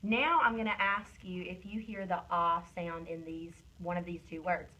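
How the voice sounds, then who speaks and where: A woman reading teacher giving a one-on-one phonics lesson, stretching out sounds slowly and praising often, recorded on a phone camera. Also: fairly low pitch, fairly even intonation, pushed and bright, rough recording. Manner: slow, drawn-out modeling of sounds and words; encouraging praise.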